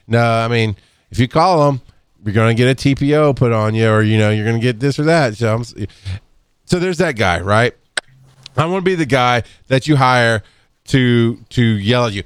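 A man hosting a casual podcast and speaking as an EMS educator. He talks bluntly, laughs often and clears his throat now and then. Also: normal speed, no room sound, clean studio sound. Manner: blunt and animated, swings up in pitch when fired up.

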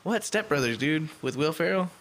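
A man chatting on a podcast in a loose, profane, rambling way that gets excitable. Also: fairly high pitch, normal speed, slight background noise. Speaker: podcast co-host. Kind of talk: casual chat.

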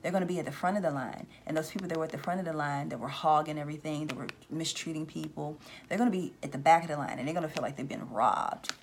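A woman's voice: low voice, quick pace, hardly any pauses, slight background noise. A woman hosting a casual spiritual talk, rambling with restarts and acting out voices she says she hears. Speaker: spiritual reader and channel host.

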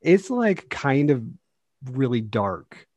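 Homem descontraído em conversa casual. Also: male voice, mid-range voice, takes it slowly, no room sound. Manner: relaxed, rambling, laughs often. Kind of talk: casual chat about a video game.

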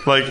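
A man's voice: very high voice, gravelly. A man telling a rowdy story in casual chat, laughing as he goes.

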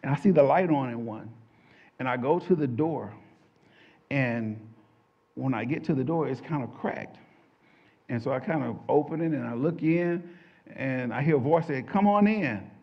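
A man preaching a testimony as a lively storyteller who acts out the voices in his tale. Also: mid-range voice, normal speed, pauses often, highs cut off. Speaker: church speaker giving testimony.

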